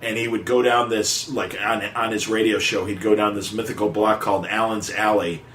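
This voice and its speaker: A man's voice: lowish voice, flat delivery, fairly quick, a bit bright, a little hiss or hum. A man hosting a podcast, telling trivia in a rambling, digressive casual chat. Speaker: podcast host. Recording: echoey room with faint music.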